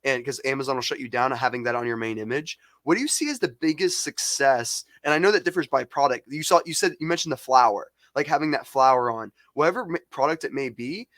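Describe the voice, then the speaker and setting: A man's voice: mid-range voice, fairly bright tone, dry recording. Casual man asking questions, dry sound. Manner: casual, with many "like" fillers and quick agreements. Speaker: marketing expert co-hosting a webinar. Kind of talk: webinar conversation.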